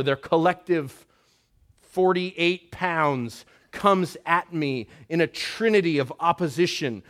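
A man in his thirties giving a sermon as pastor, conversational, with wry humor and slow, emphatic phrases. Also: a little high, lively intonation, fairly bright tone.

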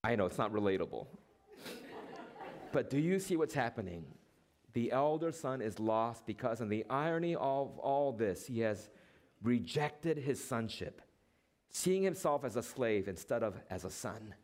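A man preaching a sermon, asking rhetorical questions, using dramatic pauses and acting out quoted lines. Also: medium pitch, animated, darkish tone. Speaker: pastor.

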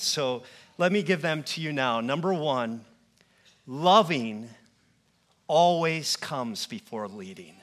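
A man preaching a sermon in a church, earnest and rhetorical, building with repetition and dropping to hushed tones. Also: on the high side. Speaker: pastor.

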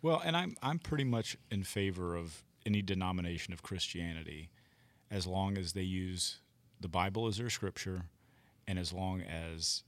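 A very deep-voiced man talks things through at an easy, rambling pace, leaning on "you know" as he thinks aloud. His tone is conversational and reflective. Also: fairly bright tone. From United States. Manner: rambling, thoughtful, many fillers. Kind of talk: casual chat.

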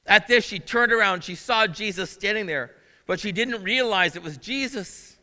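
A male pastor with a high, bright, pushed voice preaches a sermon at a normal pace in a conversational style, asking his listeners questions along the way. The recording carries the long reverb of a large hall.

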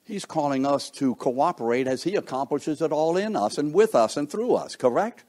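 Husky-voiced man preaching conversationally. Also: a little high, expressive, moderate pace, darkish tone. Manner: conversational, asks the listeners questions, acts out quoted thoughts. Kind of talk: sermon.

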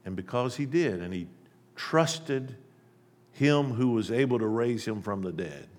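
A man's voice: medium pitch, lively intonation, unhurried. Male preacher, mid-range voice, emphatic storytelling sermon, in a reverberant hall. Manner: emphatic storytelling, shifting loud and soft.

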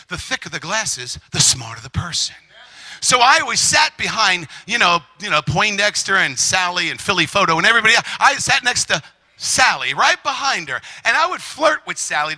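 A middle-aged man preaching a lively testimony sermon, shouting and animated, acting out quotes as he tells the story. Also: high voice, rough recording.

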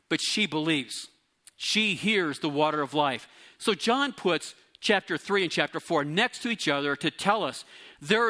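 A middle-aged man preaching a sermon to his congregation, teaching and explaining Greek words with lively emphasis. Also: a little high. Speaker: pastor.

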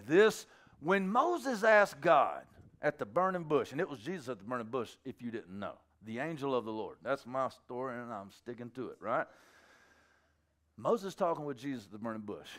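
A man preaching an animated, joking sermon in colloquial talk, acting out the scripture scenes. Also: high-pitched. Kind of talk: sermon with comic retelling.

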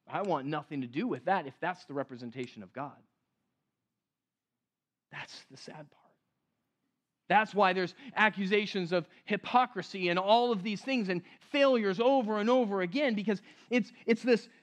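A man with a high voice preaches a sermon to his church. He is earnest and slows down to press key phrases. His voice swells with emphasis and then falls to a hush. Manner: earnest, rises to emphatic then drops to hushed. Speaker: pastor.

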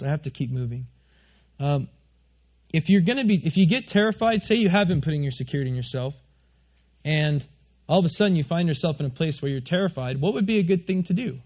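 High-voiced man preaching a sermon. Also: muffled recording. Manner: animated preaching, questions to the congregation. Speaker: pastor. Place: church stage before a congregation.

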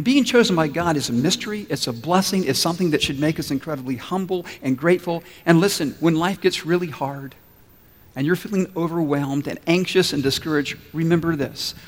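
Man, pastor, sermon, earnest storyteller, slightly high voice, echoing hall. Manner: earnest storytelling preacher, acts out quotes.

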